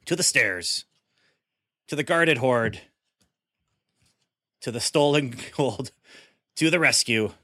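A man's voice: mid-range voice, animated, slow, pauses often, pushed and bright, no echo, studio quality. A man running a tabletop storytelling game, teasing the players and laughing often. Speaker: game master.

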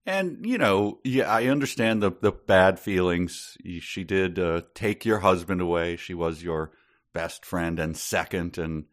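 A man with a very low voice chatting on a podcast. He takes his time and tells jokes in a dry, deadpan way. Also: a little slow. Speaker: podcast co-host. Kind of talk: casual book-discussion chat.

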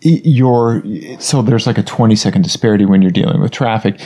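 A man with a mellow, warm voice co-hosts a casual podcast. He talks with an encouraging, coaching tone, recorded in a bedroom. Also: fairly low pitch, fairly quick, husky. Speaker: podcast co-host. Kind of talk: casual chat.

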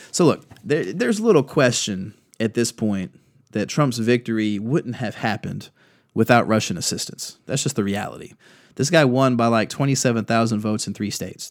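A man hosting a political podcast, giving blunt, profane and indignant commentary, often reading quoted posts aloud. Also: mid-range voice. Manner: reads quoted tweets aloud.

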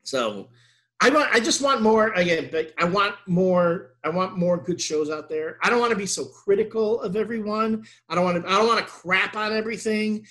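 High, bright-voiced ranting man. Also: normal speed. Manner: animated, ranting, gets loud and exasperated. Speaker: podcast co-host. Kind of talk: casual chat.

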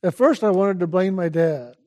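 An older man giving a calm, unhurried spiritual talk as a teacher, urging listeners to pay attention again and again. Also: high voice.

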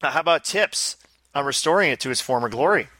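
A man's voice: fairly high pitch, lively intonation, bright, forceful tone, no room sound. Joking man rambling on a podcast. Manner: rambling, joking, fast asides. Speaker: podcast co-host. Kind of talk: casual chat.

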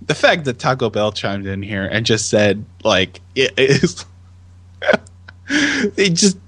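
A man co-hosting a casual chat podcast, animated and laughing often as he reads tweets aloud in voices. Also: medium pitch, slow pace, breathy edge, no room sound. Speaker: podcast co-host.

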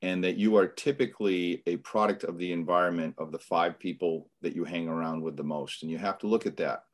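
Man, boston accent, very low voice, middle-aged, earnest motivational podcast guest. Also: fairly even intonation, a little fast. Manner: earnest, motivational, repeats words when starting a thought. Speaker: business coach guest. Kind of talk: podcast interview.

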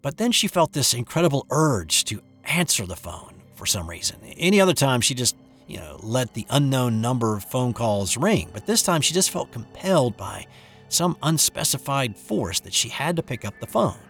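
A man reading a first-person ghost story aloud in an expressive, dramatic way. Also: mid-range voice, moderate pace, soft background music.

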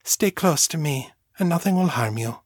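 A man voicing a loving mother who speaks in a soft, lilting, soothing way, a little higher than his own voice. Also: expressive, normal speed, husky, no room sound, studio quality. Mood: tender. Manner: tender, soothing. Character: gentle loving mother, warm and comforting.

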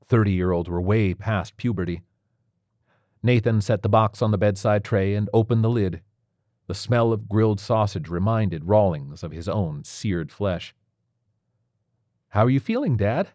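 A man with a fairly low voice reads a short story aloud in a steady, measured way. The sound is dry and close, with no room echo. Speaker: narrator. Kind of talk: scripted fiction reading.

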